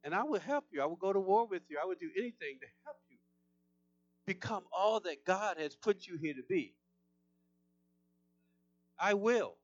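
A man preaching a sermon, shouting with intensity at times and then talking calmly and confrontationally. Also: high voice, normal speed, long pauses, no room sound, dull audio. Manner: intense, shouting preaching that drops to calm talk.

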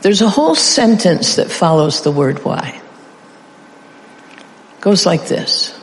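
A middle-aged male preacher with a somewhat high, gravelly voice who speaks slowly and deliberately. He playfully coaxes his congregation into repeating phrases with him. The sound carries a long reverb from a large hall, with faint ambience behind. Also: big pitch swings. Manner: playful, drills the audience in call-and-response. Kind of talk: interactive sermon.

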